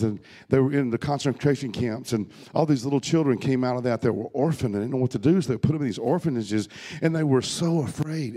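A man preaching a sermon to his congregation, swinging from loud urging to soft, hushed storytelling. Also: medium pitch, dry recording. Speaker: pastor. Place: church hall with a congregation.

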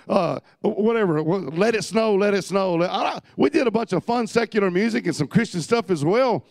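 A man preaching a sermon to his congregation, swinging from loud urging to soft, hushed storytelling. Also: high voice, vocal fry, no room sound. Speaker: pastor. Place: church hall with a congregation.

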